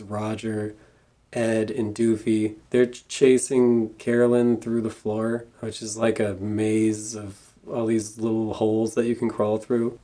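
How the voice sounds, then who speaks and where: A man's voice: lowish voice, warm tone. Dry, sarcastic male movie reviewer. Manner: dry, sarcastic plot retelling. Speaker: film reviewer. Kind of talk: comedic movie recap narration.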